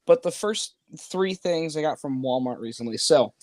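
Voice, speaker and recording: A man's voice: fairly high pitch, expressive, moderate pace, darkish tone, dry recording. A man appearing as a guest on a live chat show, talking in an easygoing, rambling way full of fillers.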